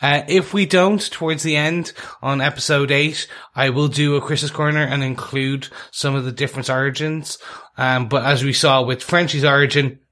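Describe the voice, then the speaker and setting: A man's voice: mid-range voice, fairly even intonation, moderate pace, sharp tone. A man hosting a podcast segment, explaining things in a playful, upbeat way. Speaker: podcast host.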